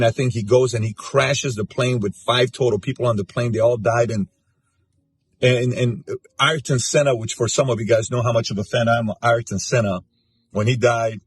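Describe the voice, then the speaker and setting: A man in his forties hosting, giving an emotional spoken tribute in an earnest, emphatic, repetitive way. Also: medium pitch. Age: 40s. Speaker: host. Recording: music bed underneath.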